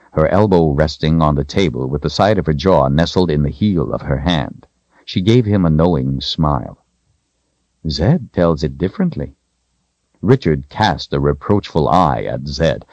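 Deep, expressive male audiobook narrator. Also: dry recording, dull audio. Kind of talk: scripted narration.

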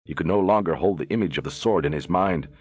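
A man narrating an audiobook in a measured, dramatic way. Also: sits low, darkish tone, husky, no room sound.

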